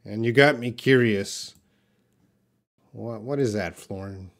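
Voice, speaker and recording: A man teaching English on a live stream, reading out viewers' questions and explaining words slowly and patiently. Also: fairly low pitch. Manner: slow, patient, drawn-out explanations; reads viewer questions aloud. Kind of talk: live-stream English class answering chat.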